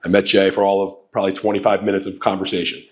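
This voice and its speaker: A man co-hosting a podcast, telling a story in quick, loose, casual chat. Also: low-pitched, little pitch movement. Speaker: podcast co-host, real estate agent.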